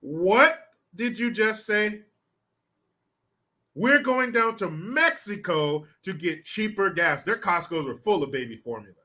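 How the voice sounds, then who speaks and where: A man's voice: high voice, animated, measured pace, pushed and bright. A man from the United States hosting a ranting political commentary show, combative and sarcastic, with frequent profanity, reading viewer comments aloud.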